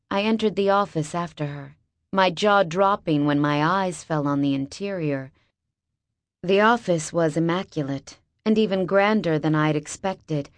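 A woman's voice: mid-range voice, no room sound. A woman narrating a first-person novel with wry, sarcastic asides, on a close mic. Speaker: audiobook narrator.

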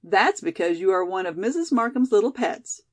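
A woman voicing a prankish young college girl with a cold, who talks in a teasing, lively way. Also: mid-range voice, normal speed.

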